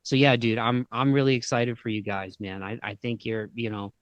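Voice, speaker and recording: Laid-back Midwestern podcast host. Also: male voice, mid-range voice, level tone, moderate pace, highs cut off. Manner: laid-back, slangy, says "dude" and "man" often. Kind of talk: casual interview chat.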